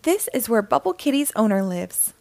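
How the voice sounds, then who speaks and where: A woman plays a cheerful storybook fish teacher, a grown man who calls out with eager energy. The voice jumps around lively and has a slight gravel to it. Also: a little high, normal speed, no room sound, studio quality.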